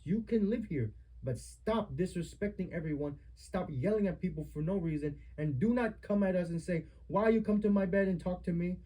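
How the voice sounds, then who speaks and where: A man's voice: high voice, dark tone, husky, low-quality recording. A man giving a family member a heated lecture at home, stern and repetitive as he scolds.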